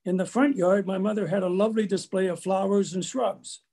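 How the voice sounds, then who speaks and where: An older man from Canada giving a prepared lecture, telling family stories in a measured way with small restarts. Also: sits high, fairly even intonation, warm tone. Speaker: guest lecturer.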